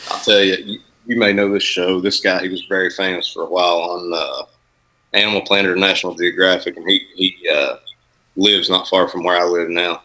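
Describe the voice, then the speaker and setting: A man's voice: sits low, fairly even intonation, fairly quick, sharp tone, poor audio. A man with an Appalachian accent, chatting casually as a guest and laughing often. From Southern United States. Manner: self-deprecating, laughs often. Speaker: guest author. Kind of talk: casual podcast chat.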